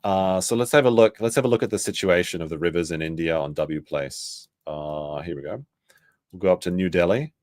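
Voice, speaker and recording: A man's voice: low voice, brisk, darkish tone, dry recording. A man streaming casual reaction commentary, reading news aloud and adding sarcastic, rambling asides.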